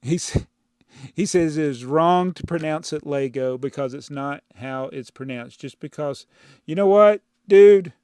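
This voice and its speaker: A man's voice: mid-range voice, steady tone, moderate pace, darkish tone, smooth, no room sound. A man hosting a channel, answering viewer comments in a rambling, exasperated way that often breaks into laughs, speaking into a clip-on mic in a home studio. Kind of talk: casual chat. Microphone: clip-on mic inside a brick-built housing.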